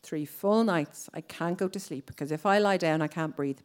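She has a low, smooth voice and moves along fairly quickly. She's an Irish woman in her thirties, telling her own story on stage and playing out other characters' dialogue.

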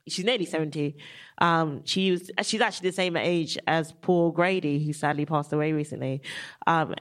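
Tearful woman, hesitant and halting. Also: low voice. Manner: hesitant, full of ums. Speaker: comedian guest. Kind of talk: live podcast chat.

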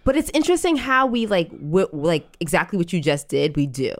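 A woman's voice: fairly low pitch, very animated, brisk. A woman, hosting a podcast and telling a candid, reflective story with many filler words. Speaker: podcast host.

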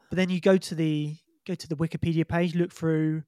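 A man from the Isle of Wight, a podcast guest telling halting anecdotes. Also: fairly high pitch, level tone, mellow, no echo, studio quality. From Isle of Wight, England. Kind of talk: casual podcast chat.

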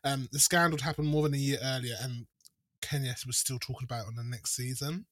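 A man's voice: mid-range voice, steady tone, fast talker, a bit bright, no echo, studio quality. A man co-hosting a podcast, chatting casually and swearing as he retells scenes. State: hungover. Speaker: podcast co-host. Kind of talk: casual chat.

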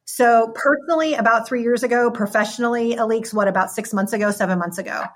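A woman's voice: fairly high pitch, fast. Woman with polished business talk. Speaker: wine company executive. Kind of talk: interview answer.

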